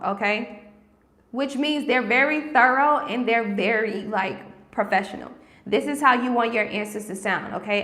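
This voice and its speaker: A woman's voice: medium pitch, creaky, fairly bright tone. Chatty woman livestreaming in an echoey room. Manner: chatty, repeats "okay?" and "right?" to viewers. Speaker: livestream host helping with grant applications. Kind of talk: casual livestream talk.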